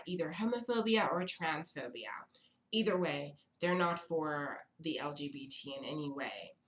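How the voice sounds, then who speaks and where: A woman's voice: sits low, sharp tone. A young woman from South Africa, telling a story to camera in a chatty, sassy, dramatic way. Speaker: vlogger. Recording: echoey room.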